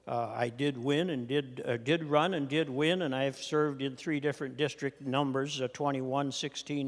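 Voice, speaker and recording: An older man from Minnesota, a retiring state senator, giving a farewell floor speech with folksy storytelling and dry humor. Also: medium pitch. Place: legislative chamber. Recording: long reverb of a large chamber.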